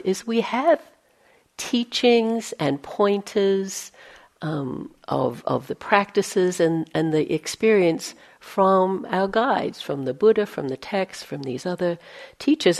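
A woman with a lowish, slightly mellow voice gives a dharma talk as a meditation teacher. She speaks conversationally, adds playful self-mocking asides, and drops to a near-whisper when voicing inner thoughts.

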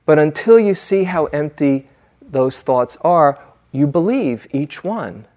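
A man's voice: fairly high pitch, lively intonation, a little mellow. A man giving a dharma talk as a meditation teacher, telling stories in a reflective way with fillers. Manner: unhurried, reflective storytelling with fillers.

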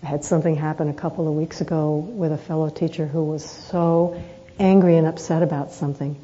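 A woman meditation teacher giving a reflective dharma talk, telling personal stories in an earnest, unhurried way with rhetorical questions. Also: sits low, steady tone, warm tone, lo-fi sound.

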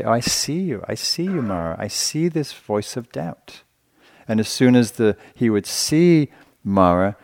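A male meditation teacher giving a dharma talk in a gentle, conversational way, often searching for words. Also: deep voice.

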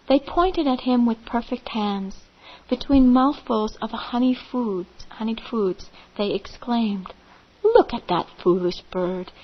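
A woman meditation teacher telling a parable gently, in measured phrases with vivid pauses. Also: fairly high pitch, lo-fi sound. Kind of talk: slow storytelling of a parable.

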